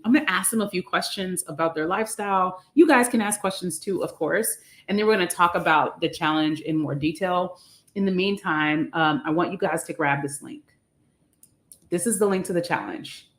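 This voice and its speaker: Bubbly woman hosting a live stream. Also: fairly low pitch. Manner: bubbly, animated, trips over words. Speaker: livestream host. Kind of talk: upbeat live stream chat.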